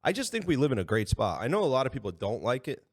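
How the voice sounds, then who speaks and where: A man from Connecticut co-hosting a podcast, chiming in quickly and agreeably in casual conversation. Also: medium pitch, very animated. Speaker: podcast co-host. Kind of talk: casual chat.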